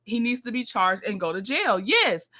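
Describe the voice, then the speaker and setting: Woman, livestream host, bright and forceful voice, chatty and direct with her chat. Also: a little high, very animated, moderate pace. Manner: chatty, talks to viewers, reads texts aloud. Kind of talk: casual live commentary.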